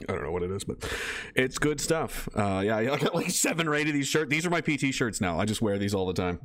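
A man's voice: medium pitch, expressive, fast talker, fairly bright tone. A man chatting casually on a live stream, rambling, swearing freely and reading viewer messages aloud. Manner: rambling, profane, laughing, reads chat aloud.

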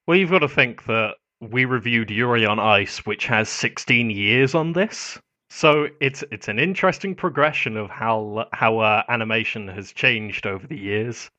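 A man's voice: mid-range voice, moderate pace, pushed and bright, no echo. A man co-hosting a podcast in casual chat, enthusiastic with wry humor. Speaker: podcast co-host. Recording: dull lo-fi podcast audio.

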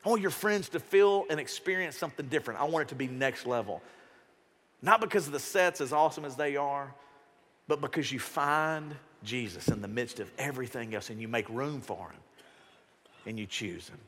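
A pastor preaching a sermon in a church auditorium, talking casually and animatedly and slipping into other voices. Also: male voice, mid-range voice, a little fast, a bit bright, in a large hall.

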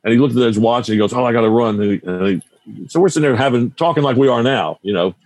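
A man's voice: medium pitch, animated, quick pace, darkish tone, no room sound. A man in his sixties, a guitar teacher and radio broadcaster, telling stories in a casual interview, rambling and often restarting his sentences.

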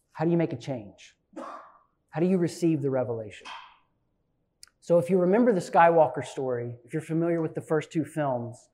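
A man in his forties preaching from the pulpit with a fairly high voice. He tells stories with animated energy and jumps from loud, punchy bursts to quiet, hushed asides. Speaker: pastor. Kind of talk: sermon with personal storytelling.

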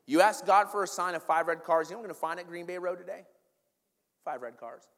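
A man preaching a sermon as pastor, swinging between loud emphasis and quiet asides. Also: sits high, fast talker, big-room sound.

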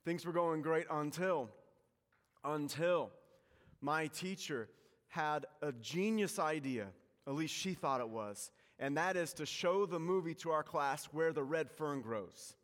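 A pastor giving a sermon in a church, telling stories with self-mocking humor, shifting from loud to hushed. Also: male voice, on the high side, measured pace, long reverb tail. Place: church sanctuary.

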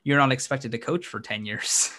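A man co-hosting a sports podcast, talking casually in a mid-range voice. He gets animated and laughs a lot, and his pitch leaps upward when something excites him. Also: moderate pace. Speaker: podcast co-host.

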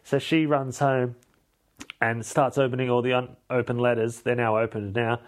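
Man, podcast host, deadpan, rambling, mid-pitched voice. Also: normal speed. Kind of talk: comic film recap.

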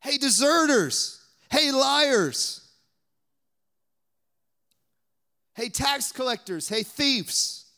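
A man's voice: very high-pitched, lively intonation, takes it slowly, bright, forceful tone, pitched above the performer's own voice, exaggerated voice. A man with a Southern US accent voicing Jesus as a friendly figure calling out to his fishermen friends in a cheerful, teasing way. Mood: mock scolding.

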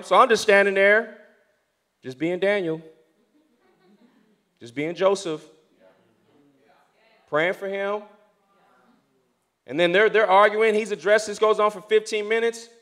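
A young man preaching, telling a story from the pulpit and moving between hushed, prayerful passages and loud, excited ones. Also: high voice, a little slow, pauses often. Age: young adult. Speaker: pastor. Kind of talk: sermon storytelling.

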